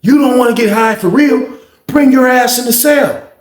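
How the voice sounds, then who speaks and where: A man voicing a furious shirtless male inmate who shouts high and strained at someone by his door. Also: moderate pace, echoey room, distant mic. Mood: taunting.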